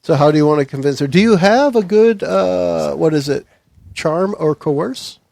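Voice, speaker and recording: A man's voice: fairly high pitch, normal speed, creaky, a little mellow, dry recording. A man running a tabletop game as game master, chatting loosely with the players and reading out rules and scene text. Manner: loose and chatty, stops to look things up.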